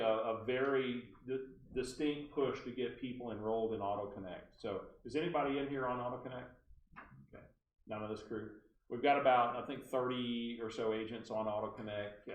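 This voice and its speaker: A man speaks at a mid-range pitch, telling stories to a room of agents. He is animated and keeps turning to the room with asides. He sounds distant from the mic in a roomy, echoing space. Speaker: real estate trainer. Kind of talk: storytelling training talk to agents. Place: meeting room at a real estate office.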